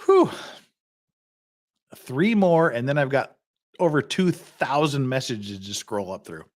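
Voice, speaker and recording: Speaking slowly in an expressive mid-range voice, a man hosts a casual livestream, drinking and getting tipsy as he rambles. He swears a lot and mocks things freely.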